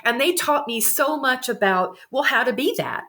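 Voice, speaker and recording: A woman giving an animated, expressive interview as a guest, quick to laugh. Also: sits high. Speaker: guest, psychic medium and animal communicator. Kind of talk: candid conversational interview.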